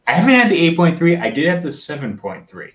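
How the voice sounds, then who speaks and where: A man's voice: on the high side, huge pitch swings, quick pace, echoey room, dull audio. A man co-hosting a casual livestream, swearing freely and apologizing often while reading out chat. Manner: profane, apologetic, reads chat aloud. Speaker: co-host on a whiskey stream.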